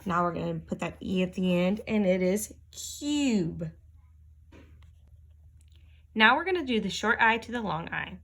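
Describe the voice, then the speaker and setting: A woman teacher giving a phonics lesson to young children, sounding out letters and words slowly and carefully. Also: fairly low pitch, animated, fairly bright tone.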